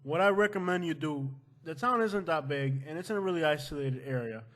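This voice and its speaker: Guy rambling and joking on his home vlog, kinda high voice, yells now and then. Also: a little fast. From Florida. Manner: loud joking outbursts, playful rants. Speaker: vlog host. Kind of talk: casual chat.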